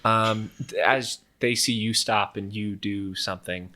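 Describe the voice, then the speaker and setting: A man narrating as game master of a tabletop game, halting often with fillers. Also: on the low side, steady tone, sharp tone. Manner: hesitant, many fillers.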